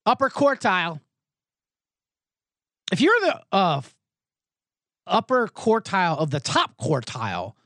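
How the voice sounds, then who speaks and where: A man's voice: on the high side, no room sound, clean studio sound. A man hosting a sports betting podcast, ranting sarcastically with plenty of profanity. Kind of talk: comedic sports rant.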